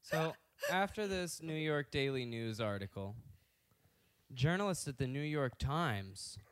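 A man's voice: on the high side, lively intonation, unhurried, clear, resonant tone. A man hosting a podcast, recounting a story in casual chat with crude asides. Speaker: podcast host telling a story.

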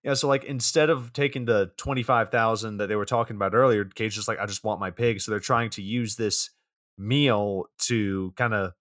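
A man co-hosting a casual movie podcast, relaxed, recapping scenes with many filler words. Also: fairly low pitch, moderate pace, no echo, studio quality. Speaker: podcast co-host. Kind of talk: casual movie review chat.

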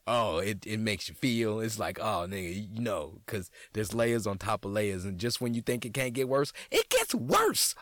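A man's voice: on the low side, moderate pace, few pauses, dry recording, studio quality. A man from New Orleans with a local accent, talking casually and profanely on his podcast, rambling with lots of restarts. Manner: rambling, profane, stop-start with many restarts. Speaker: comedian and podcast host. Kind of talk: casual solo podcast talk.

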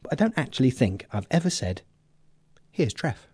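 An English male podcast host chats casually in a jokey, rambling way full of fillers, talking fast in a sing-song manner. His mellow, slightly husky voice swings widely in pitch. The recording sounds close and dry.

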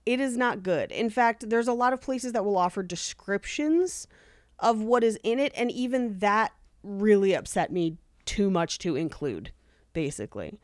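A woman's voice: medium pitch, lively intonation, normal speed, no echo, studio quality. A woman co-hosting a podcast in casual chat, earnest and emphatic. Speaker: podcast co-host.

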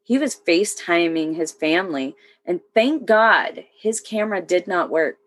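A woman's voice: lowish voice, normal speed. A woman veteran telling a war story matter-of-factly in casual conversation, with short laughs. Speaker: military veteran.

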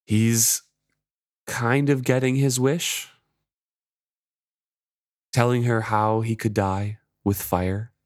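A man co-hosting a podcast, retelling and discussing a book chapter in a relaxed, thoughtful way. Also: medium pitch, slow pace, pauses often, dry recording, clean studio sound. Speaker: podcast co-host. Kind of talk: casual chat retelling a book.

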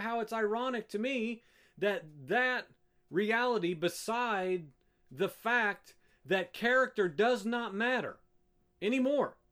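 A man's voice: sits high, a bit bright. A man preaching a sermon as a pastor, firing off emphatic rhetorical questions at the church.

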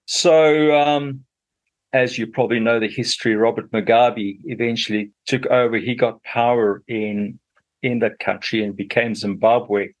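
Speaking at a medium pitch, a middle-aged man from Zambia with a Zambian accent shares his story as a radio interview guest, taking his time and filling his speech with many fillers.

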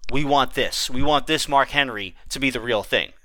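A man retelling a story and quoting a tearful older male boss who apologizes softly. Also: medium pitch, moderate pace, dry recording, lightly acted. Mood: coaxing.

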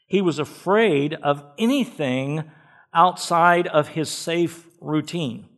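A man's voice: on the high side, normal speed, fairly bright tone. Emphatic male pastor preaching a sermon. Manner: emphatic, repeats key words. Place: church.

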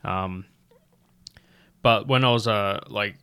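A man's voice: fairly low pitch, slow, creaky, sharp tone, smooth. A young Australian man hosting a podcast, chatting in an easygoing, rambling and sweary way. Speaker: podcast host, comedy gig organiser. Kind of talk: casual chat.

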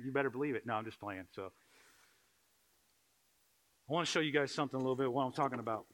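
A man pastor preaching a sermon, shifting from quiet, slow reflection to loud, pleading intensity. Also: lively intonation, low-quality recording. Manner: swings from quiet and slow to loud, high-pitched impassioned pleading.

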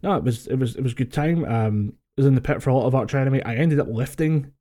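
This fast-talking Scottish co-host has a warm mid-range voice and chats casually on a podcast recorded over a voice call at home. His storytelling is full of laughs and free swearing.

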